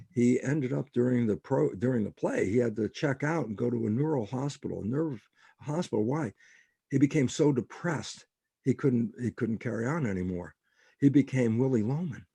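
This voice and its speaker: Gravelly, animated older man telling stories. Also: mid-range voice, normal speed, no echo. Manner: animated storytelling, acts out quoted dialogue. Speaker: guest biologist. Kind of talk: interview conversation.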